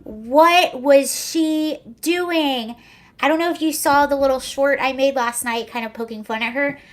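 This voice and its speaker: This young woman talks fast in a high voice as she hosts a casual livestream, trading sarcastic remarks, laughing a lot, and replying to comments from viewers.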